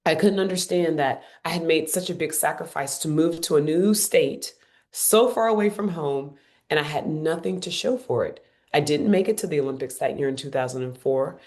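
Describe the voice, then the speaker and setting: Low-voiced woman telling her story emphatically. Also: normal speed. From Cincinnati, United States. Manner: lively, emphatic retelling with repeated phrases. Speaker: guest, former Olympic runner. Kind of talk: podcast interview storytelling.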